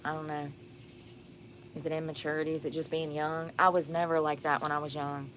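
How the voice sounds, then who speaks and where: A woman's voice: low-pitched, level tone, a little fast, background noise. A tired, sunburnt woman vlogging outdoors at night, telling stories bluntly and candidly and laughing often. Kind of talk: casual outdoor storytelling vlog.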